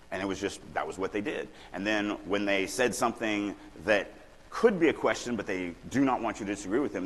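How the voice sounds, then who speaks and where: A middle-aged man from Louisiana giving a casual, animated writing workshop talk at a conference, acting out quoted lines now and then. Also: on the low side, brisk. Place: conference hall. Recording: long hall reverb, faint room noise.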